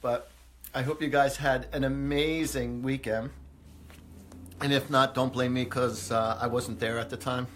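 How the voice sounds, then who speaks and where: A man's voice: medium pitch, level tone, measured pace, fairly bright tone, slight background noise. A man hosting a live stream as a psychic, telling stories in a chatty way with many fillers, often laughing. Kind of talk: casual live-stream storytelling. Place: indoors, live video stream.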